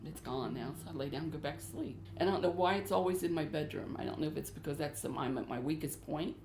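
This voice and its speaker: Speaking fast in a low, darkish voice, a middle-aged woman tells a paranormal show about the frightening things happening in her home. She sounds earnest and anxious and keeps repeating herself, and the echoey room carries a faint noise.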